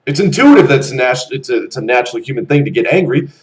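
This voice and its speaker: A young man around twenty ranting bluntly to camera, animated and swearing freely. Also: medium pitch, fast talker, poor audio. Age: young adult. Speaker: vlogger. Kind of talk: casual rant to camera.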